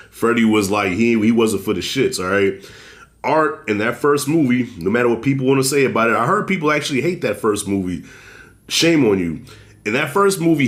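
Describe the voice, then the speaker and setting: A man co-hosting a casual horror movie review, blunt and profane, telling scenes with animated storytelling. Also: mid-range voice. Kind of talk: casual spoiler discussion.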